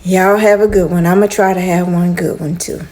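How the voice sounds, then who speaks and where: A woman's voice: fairly low pitch, flat delivery, moderate pace, darkish tone. A woman venting in a casual home vlog, exasperated and talking straight to her viewers. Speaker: vlogger. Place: apartment at home.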